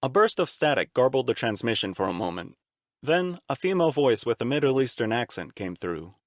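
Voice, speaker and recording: A male narrator reading an action audiobook with lively, expressive storytelling. His voice sits in a middle register and swings widely in pitch, and the recording is dry and close, with no room sound. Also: brisk, no echo. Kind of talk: fan-read audiobook narration.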